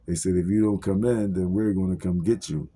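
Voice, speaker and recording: A young man tells a personal story in loose street slang, swearing freely and filling gaps with fillers. His voice sits low and dark. It carries a husky edge as he acts out each exchange. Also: fairly even intonation, brisk.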